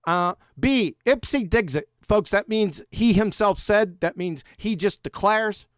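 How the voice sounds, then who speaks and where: A man ranting sarcastically at a critic, swearing heavily and swinging between loud jabs and low mutters. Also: slow pace, clean tone, no room sound, clean studio sound. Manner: sarcastic, insulting, heavy swearing. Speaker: YouTube debunker. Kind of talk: profane mocking rant reacting to a critic.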